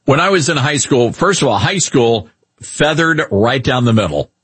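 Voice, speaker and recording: A middle-aged man hosting a radio talk show, chatting in an animated, joking, rambling way. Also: mid-range voice, normal speed, husky, no echo. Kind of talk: casual opinion talk.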